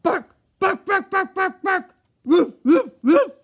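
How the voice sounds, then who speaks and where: A woman voicing a noisy storybook dog with loud, yappy barks. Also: very high-pitched, big pitch swings, slow pace, pitched above the performer's own voice, heavily acted.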